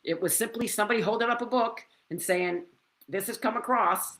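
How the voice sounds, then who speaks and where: A woman speaking as an interview guest, telling a personal story in an animated, exclamatory way and laughing often. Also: medium pitch, fairly quick, poor audio.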